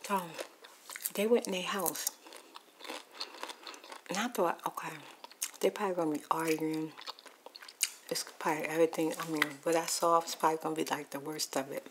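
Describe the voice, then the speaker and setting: A woman's voice: deep voice, steady tone, brisk, long pauses, noisy background. A woman whispering a rambling ASMR storytime while eating popcorn, with crunching clicks in the background. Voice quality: mostly whispered, soft-spoken. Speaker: ASMR YouTuber.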